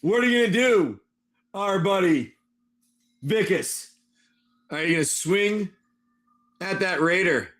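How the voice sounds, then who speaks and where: A man hosting a live stream and narrating a tabletop game with animated, excitable storytelling. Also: sits high, slow, pauses often, soft background music.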